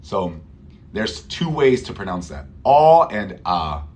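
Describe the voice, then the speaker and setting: A man teaching English pronunciation in a live online class, who repeats words slowly for Spanish-speaking learners. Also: low voice, sing-song, a little mellow.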